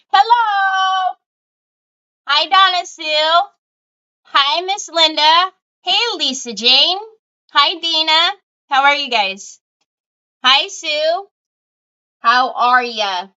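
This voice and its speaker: High, bright-voiced chatty woman livestreamer. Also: expressive, extremely slow, pauses often, muffled recording. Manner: chatty, giggly, greets viewers by name. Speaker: craft livestream host. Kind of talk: casual livestream chat greeting viewers. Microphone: phone.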